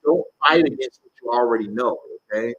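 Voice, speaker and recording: A man's voice: mid-range voice, brisk, fairly bright tone, slightly rough, highs cut off. A man giving live tarot readings to viewers, talking bluntly, animatedly and with casual swearing. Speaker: tarot reader.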